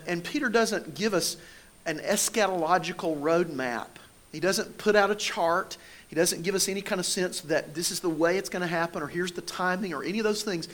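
A man's voice: high voice, a bit bright. A man preaching a sermon, telling a personal story in a conversational way and building emphasis as he makes his point. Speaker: pastor.

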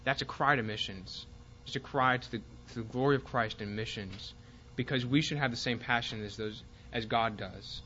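A man teaching a Bible class, speaking haltingly with fillers and restarts and reading passages aloud with more force. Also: medium pitch, pushed and bright, dull audio, a little hiss or hum.

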